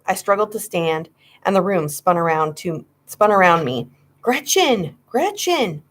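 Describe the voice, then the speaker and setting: A woman's voice: fairly low pitch, normal speed, a bit bright. A woman narrating a children's horror story, reading with dramatic suspense. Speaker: audiobook reader.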